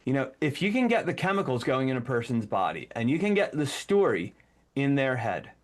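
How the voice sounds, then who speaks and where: A man's voice: medium pitch, fairly quick. A man co-hosting a podcast, chatting casually and animatedly, breaking into acted-out commands as he explains. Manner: animated, acts out commands mid-sentence. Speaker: podcast co-host.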